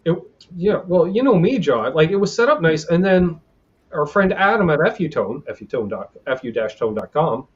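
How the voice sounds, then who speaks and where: A man's voice: fairly high pitch, sing-song, moderate pace. A man hosting a casual livestream chat, telling rambling, salty stories and acting out what people said, heard over a video call. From Canada. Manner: salty, rambling storyteller who acts out quotes. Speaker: livestream host. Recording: dull lo-fi stream audio.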